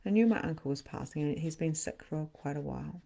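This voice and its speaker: A woman hosting a live online spiritual session, telling stories in a casual, animated way. She laughs often, swears for emphasis and acts out scenes, then turns quiet when she speaks of loss. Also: deep voice, a little fast, creaky. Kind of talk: casual storytelling to a live audience.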